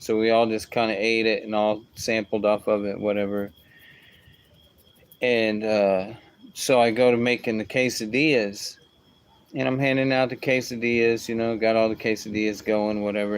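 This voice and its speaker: A man's voice: flat delivery, normal speed, clean tone. A man telling a casual story, rambling along with asides and restarts. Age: adult with a young son. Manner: rambling, full of asides like "whatever" and "boom".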